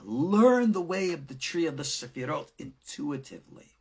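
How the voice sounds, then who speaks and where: A middle-aged man, a rabbi giving a recorded lecture on Kabbalah, who swings from loud emphasis down to hushed whispers. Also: on the high side, very animated, normal speed, husky.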